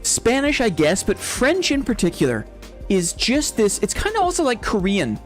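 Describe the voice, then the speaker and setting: A man's voice: high-pitched, huge pitch swings, moderate pace, faint music behind. A young man hosting a casual live stream who rambles, laughs often and keeps asking "right?". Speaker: game streamer. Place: home streaming setup.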